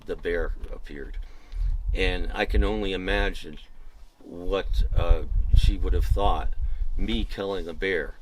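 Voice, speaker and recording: A man's voice: deep voice, highs cut off, background noise. A man, a former fire lookout, telling rambling, digressive stories with wry, self-mocking humor in an oral history interview at a mountain lookout.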